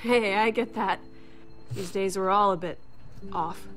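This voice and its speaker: A woman's voice: mid-range voice, fairly even intonation, measured pace, a bit bright, faint music behind, close to an everyday voice. A woman voicing a blunt, guarded survivor. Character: wary young woman survivor guarding a stranger. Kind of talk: video game voice acting.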